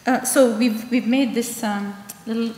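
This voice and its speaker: A woman's voice: fairly high pitch, fairly even intonation, a little slow, mellow. A woman committee member presenting a farewell gift to a minister, playful and teasing. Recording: echoey hall, faint noise.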